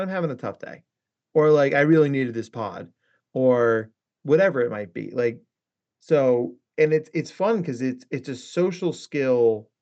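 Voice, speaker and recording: A man speaking as a guest therapist in a casual podcast conversation, lively, acting out quoted lines with shifting inflection. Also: mid-range voice. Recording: dull lo-fi sound.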